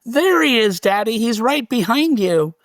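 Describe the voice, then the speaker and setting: A man's voice: very high voice, big pitch swings, unhurried, no echo, studio quality, voice pushed up, heavily acted. A man voicing his frightened toddler son, teary and pleading in a raised voice. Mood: scared.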